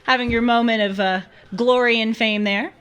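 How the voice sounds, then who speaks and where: A woman's voice: fairly high pitch, steady tone, moderate pace, fairly bright tone, clean tone. A young woman hosting a live call-in show, chatting casually and laughing easily. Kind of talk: casual live-stream talk.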